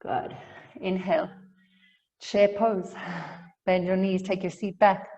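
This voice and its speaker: A woman leads a yoga class at an unhurried pace, calling breaths and poses with light humor. She sounds a little out of breath from moving along. Her voice carries a long reverb tail, as if in an open studio. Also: medium pitch. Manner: calm instructional cueing with light humor. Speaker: yoga instructor. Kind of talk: guided yoga class cues.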